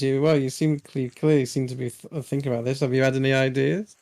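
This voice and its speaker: A man's voice: medium pitch, level tone, fast, gravelly, a little mellow, no room sound. A man playing a tabletop game, describing his character in a mild, hesitant way. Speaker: player. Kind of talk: casual tabletop game chat.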